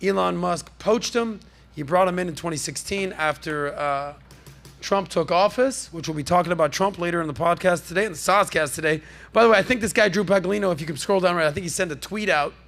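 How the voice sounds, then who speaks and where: A man's voice: high voice, brisk, vocal fry, fairly bright tone. A man hosting a casual pop-culture podcast, riffing in a brash, jokey, salesman-like way from a podcast studio. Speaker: podcast host.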